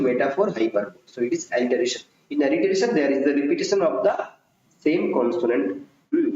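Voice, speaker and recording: A man's voice: a little high, darkish tone. Man tutoring in an echoey room. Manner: reads questions aloud, repeats phrases, answers himself. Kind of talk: exam prep lecture. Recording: roomy, dull lo-fi recording.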